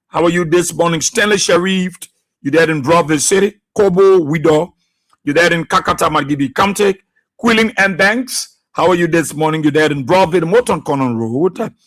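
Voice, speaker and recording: Man greeting radio listeners. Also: fairly high pitch. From Liberia. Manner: unhurried, steady listing of names and places with many "uh" pauses. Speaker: radio host. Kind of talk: live radio shout-outs to listeners.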